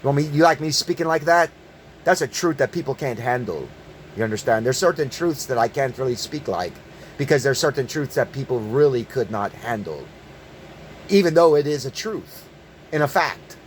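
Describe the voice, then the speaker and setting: A man's voice: medium pitch, animated, normal speed, a little hiss or hum. A man delivering an angry, profane monologue, emphatic and prone to repeating words in bursts. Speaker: online commentator. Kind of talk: ranting monologue.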